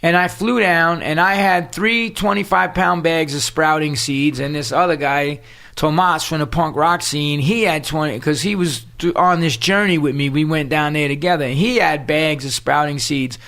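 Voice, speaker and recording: Profane New storyteller, higher voice. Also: male voice, moderate pace. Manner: profane, animated street-talk storytelling. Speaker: podcast guest, punk singer. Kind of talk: storytelling in casual interview.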